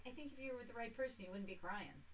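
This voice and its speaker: A woman's voice: on the high side, racing, slight background noise, low-quality recording. A mother chatting on a podcast as a guest, telling rambling stories with wry, blunt remarks. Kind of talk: casual podcast chat.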